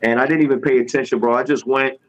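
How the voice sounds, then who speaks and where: A man guest telling a story with animated energy, using street slang and acting out each person's lines in voices. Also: mid-range voice, fast talker, highs cut off. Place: podcast studio.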